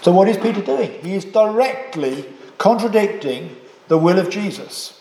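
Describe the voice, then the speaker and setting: A man delivers a sermon in a measured, emphatic way, often turning points into rhetorical questions. His voice sits a little high for a man. The sound is roomy, with a long reverb from a large hall. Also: lively intonation, warm tone, slight background noise. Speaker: preacher. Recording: echoey hall.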